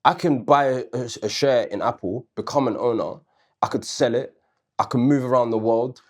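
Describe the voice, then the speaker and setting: A man's voice: medium pitch, normal speed. A man co-hosting a casual debate show, arguing his point earnestly and backing it with questions and personal stories. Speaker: co-host.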